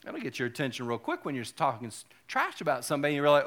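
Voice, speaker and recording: A male pastor giving a sermon, animated and joking, with self-deprecating asides. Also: medium pitch, fast talker.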